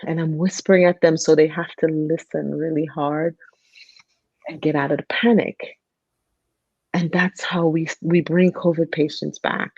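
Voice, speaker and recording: A woman's voice: low voice, moderate pace, husky, no echo. A woman who works as a nurse, talking earnestly in a casual conversation and acting out how she coaches patients through their breathing. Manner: earnest, acts out patients and her own calm coaching. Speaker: nurse, guest. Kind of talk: casual conversation on a video call. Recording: dull, muffled video call audio.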